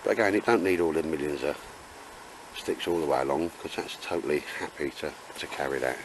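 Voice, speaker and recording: A man's voice: rumbling low, brisk, noisy background. A man chatting casually and jokily while camping in damp woods. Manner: chatty, jokey, laid-back. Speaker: vlogger. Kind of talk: casual outdoor chat.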